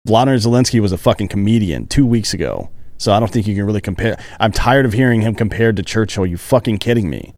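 A man's voice: fairly low pitch, expressive, quick pace, hardly any pauses, a little mellow, no room sound, studio quality. A man co-hosting a podcast in casual chat, blunt and profane, ranting about the news. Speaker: podcast co-host.

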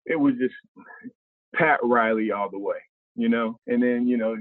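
A man's voice: mid-range voice, moderate pace, no room sound. A man in his fifties from Ohio, a podcast guest telling stories in a casual, slangy way and acting out what others said. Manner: animated, slangy, acts out other people's lines. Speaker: guest, former pro basketball player. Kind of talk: casual storytelling. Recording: tinny phone-like remote line, dry.

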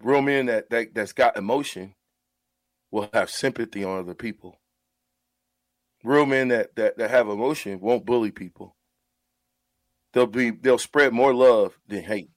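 A man's voice: medium pitch, a little slow, pauses often, dry recording. A man who is a radio show host, talking in an earnest, heartfelt way about mentoring and often repeating his words as he goes.

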